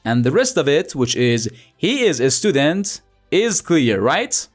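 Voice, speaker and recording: Young man, teacher, playful rhetorical questions, very lively pitch, soft music behind. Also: unhurried. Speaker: language teacher. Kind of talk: scripted lesson narration.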